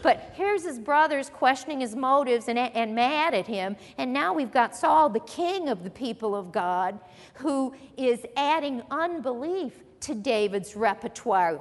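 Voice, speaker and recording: A woman preaching a sermon, animated and acting out the voices she quotes. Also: high voice, unhurried, big-room sound.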